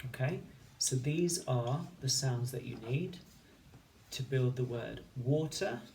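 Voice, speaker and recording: A man teaching a recorded phonics lesson, sounding out words slowly and clearly, one sound at a time. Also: medium pitch, mellow, slight background noise. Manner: slow, clear, patient instruction with sound-by-sound segmenting. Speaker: primary school teacher.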